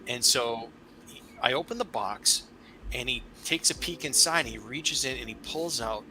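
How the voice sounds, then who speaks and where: A man hosting a podcast, chatting casually and telling a rambling, animated story as a father. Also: medium pitch, normal speed, a little hiss or hum, poor audio. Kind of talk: casual conversation.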